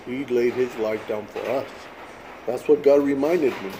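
A man's voice: mid-range voice, moderate pace, noisy background. A man in his sixties telling a faith testimony in a casual, plain-spoken way, often tagging his sentences with "man" and "like". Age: 60s. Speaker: guest sharing a ministry testimony.

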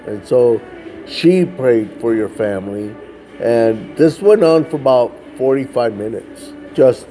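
An unhurried man recounts a ministry story in a casual, animated way. His voice is dark and mellow, his delivery is dotted with filler words, and soft music plays faintly underneath. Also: medium pitch. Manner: animated, acts out the children's voices, frequent "like" fillers. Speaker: ministry worker telling a story.

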